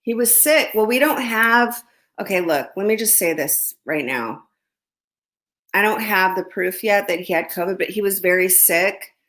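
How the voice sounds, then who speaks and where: A woman's voice: medium pitch, normal speed, fairly bright tone. Chatty woman gossiping on a phone livestream. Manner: chatty, gossipy, talks while eating. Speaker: livestream host. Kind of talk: casual live chat reading comments. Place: home under construction.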